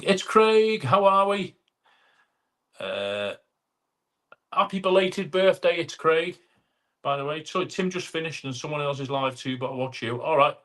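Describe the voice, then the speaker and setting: A man's voice: medium pitch, fairly bright tone. A middle-aged man, hosting a casual live chat and greeting viewers by name as he reads their comments. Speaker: live stream host.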